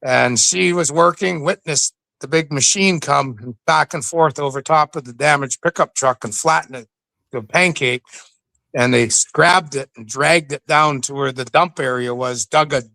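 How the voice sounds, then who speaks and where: Bright, animated storytelling man. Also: on the high side, moderate pace, gravelly, dry recording. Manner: animated storyteller who acts out the voices. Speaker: interview guest. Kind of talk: casual storytelling.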